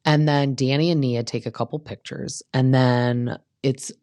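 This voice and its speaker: A woman's voice: a bass voice, fairly even intonation, a little slow, mellow, no room sound. A woman hosting a podcast, recapping a reality show in a chatty, gossipy way, full of "like" and "um". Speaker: podcast host. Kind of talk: casual recap commentary.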